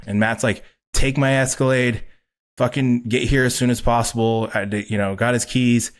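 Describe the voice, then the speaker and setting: Gruff-voiced man telling a story. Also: on the low side. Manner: animated, swears a lot, acts out quotes loudly. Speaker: podcast guest, pro bodybuilder. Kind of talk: casual storytelling.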